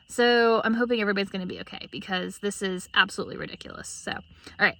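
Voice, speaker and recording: A woman's voice: medium pitch, fast talker, bright, forceful tone, dry recording. A woman vlogging at night in her sheep pen, chatting to the camera and cooing fondly at her animals. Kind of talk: casual vlog narration.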